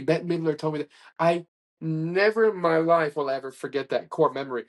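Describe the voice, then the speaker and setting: A man's voice: on the high side, moderate pace. Talkative man telling a long story. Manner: rambling, animated anecdotes with restarts and acted-out quotes. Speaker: interview guest. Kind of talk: casual conversational storytelling.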